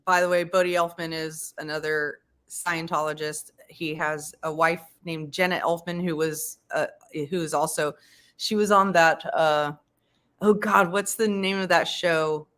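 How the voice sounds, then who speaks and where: Rambling low-voiced woman streamer. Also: fairly even intonation, a little slow, a bit bright. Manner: rambling, with frequent restarts and searching for words. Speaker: commentator hosting a members' live stream. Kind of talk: casual live commentary.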